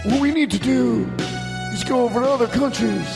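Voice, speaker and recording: A man's voice: very high-pitched, a little fast, vocal fry, over music, pitched above the performer's own voice. A man voicing a blustery male politician-rocker mashup, speechifying in a pompous, sing-song way.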